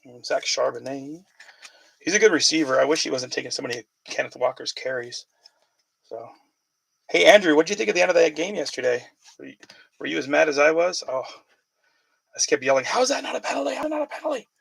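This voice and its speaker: Casual male card-break host, gravelly and a bit husky, rattling off player names between chatty asides. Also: mid-range voice, brisk, long pauses, a bit bright, no room sound, poor audio. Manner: chatty, calls out player names while reading questions from viewers.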